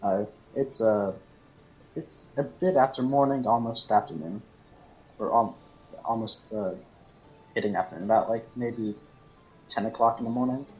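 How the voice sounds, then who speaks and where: Low-ish guy dm-ing a tabletop game, lots of uhs, muffled lo-fi sound. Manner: halting, full of fillers. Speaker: game master.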